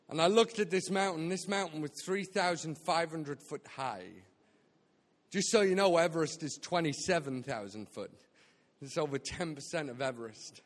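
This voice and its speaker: A man with a high, bright-pitched voice preaches a story-driven sermon, joking and acting out his own quotes with lively energy. He was recorded live in a church hall, and his voice carries a long reverb tail. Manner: animated, jokey, acts out quotes. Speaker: guest speaker at a church. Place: church auditorium.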